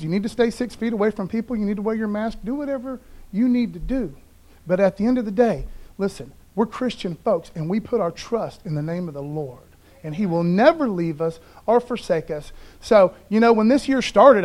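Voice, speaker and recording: A man's voice: sits high, darkish tone. A man preaching a sermon as pastor, casual and conversational, reading scripture aloud and stumbling over names. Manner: casual, conversational preaching with frequent "okay, guys". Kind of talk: streamed Sunday sermon.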